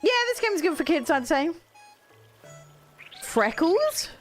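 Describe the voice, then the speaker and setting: A woman chats casually on a live game stream, answering viewers as she goes. Her voice sits high and swings widely up and down. Faint music plays behind her. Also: sing-song, takes it slowly. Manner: chatty, reacts to viewers' comments. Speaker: streamer playing a video game.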